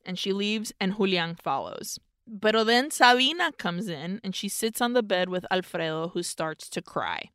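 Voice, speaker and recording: A woman co-hosts a casual podcast, telling a film's story with animated energy and dropping in Spanish phrases. Her voice is bright and smooth, and the recording is close and dry. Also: medium pitch, normal speed, dry recording. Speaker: podcast co-host. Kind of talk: casual chat retelling a film plot.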